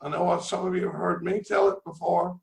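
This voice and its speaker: A man's voice: high-pitched, level tone, fairly quick, vocal fry, echoey room, poor audio. A middle-aged man giving a rambling, folksy recovery talk over a video call, often repeating his words. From Dallas, Texas. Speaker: recovery meeting speaker.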